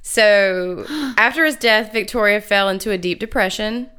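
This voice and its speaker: Bright, crisp-voiced woman reading history notes. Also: medium pitch, normal speed. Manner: reads notes aloud, breaks into giggles. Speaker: podcast co-host.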